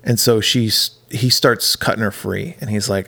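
A man's voice: on the low side, fairly even intonation, unhurried, gravelly, sharp tone. A man co-hosting a podcast, casually retelling a horror movie's plot and acting out the characters' lines. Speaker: podcast co-host. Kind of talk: casual movie recap chat.

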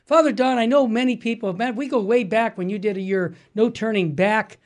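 A man's voice: high voice, moderate pace. A middle-aged man hosting a talk radio show, speaking with enthusiasm and emphatic bursts, laughing often. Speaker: radio host. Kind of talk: casual radio chat.

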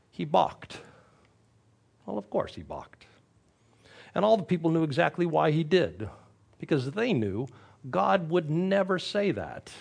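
A man preaching a sermon, telling the story in an animated, wry way. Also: a little high, unhurried, creaky, breathy edge.

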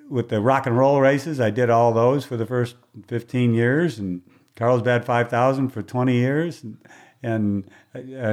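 An older man in his sixties spins stories from his years as a race announcer. He is lively and chatty, slips into other people's voices for the quotes, and laughs easily along the way. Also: medium pitch. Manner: animated storyteller, acts out voices, laughs often. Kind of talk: casual storytelling interview. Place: moved from Hawaii, on the mic in Southern California for decades.

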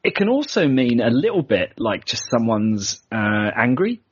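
A husky-voiced British man hosts a podcast in relaxed, jokey chat, laughing along with his guest. The recording sounds dull and lo-fi. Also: medium pitch, moderate pace, no echo. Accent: British English. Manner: chatty and jokey, laughs often. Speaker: podcast host.

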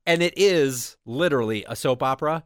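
A man co-hosting an entertainment podcast in casual chat, with a chatty, animated way of talking. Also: medium pitch, fairly quick, no echo, clean studio sound. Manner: animated, chatty, mimics people with exaggerated voices. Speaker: podcast co-host.

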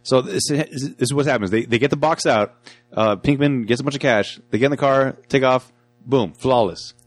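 A man co-hosting a casual movie review podcast, enthusiastic and jokey, acting out scenes in quick bursts. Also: mid-range voice, faint music behind. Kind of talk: casual chat.

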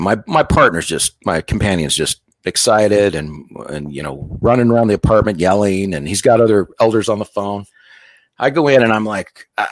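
A man's voice: fairly low pitch, no echo. A man casually telling a personal story, candid and self-deprecating, joking as he goes.

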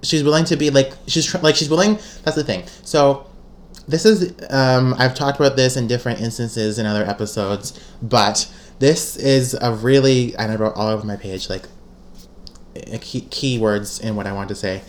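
A woman's voice: very deep voice, moderate pace. A woman co-hosting a podcast in casual chat, talking in loose restarts with many fillers and frequent laughs. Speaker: podcast co-host. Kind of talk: casual chat recapping a TV episode.

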